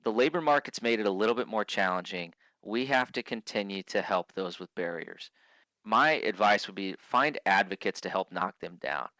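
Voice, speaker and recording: A man's voice: lowish voice, moderate pace, bright, forceful tone, dry recording, highs cut off. A man giving a conference keynote speech, telling stories earnestly and often restarting his sentences. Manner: earnest storytelling with frequent restarts. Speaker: keynote speaker.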